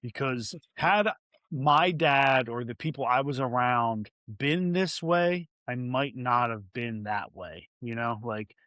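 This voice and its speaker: A man's voice: mid-range voice, takes it slowly, a bit bright, no echo. Earnest man speaking candidly. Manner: earnest, rambling with restarts and filler "like". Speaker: podcast guest. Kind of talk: candid interview talk.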